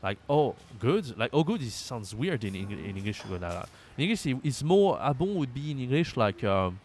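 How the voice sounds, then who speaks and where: A man's voice: medium pitch, very animated, a little fast, a little mellow, a little hiss or hum. A man with a French accent teaching French in an online lesson, repeating phrases aloud and explaining them with many fillers.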